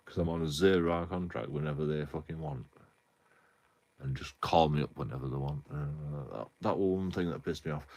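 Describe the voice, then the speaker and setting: A young man, ranting casually on a live stream, rambling with heavy swearing and many restarts. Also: deep voice.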